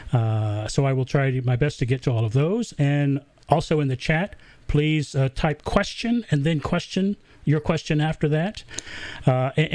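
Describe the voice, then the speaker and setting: A man's voice: fairly high pitch, darkish tone, dry recording. Southern guy rambling through a live q&a, lots of uhs, dry close sound. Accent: Southern American. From American South. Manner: chatty, halting, lots of uh fillers. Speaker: host. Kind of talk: casual livestream chat.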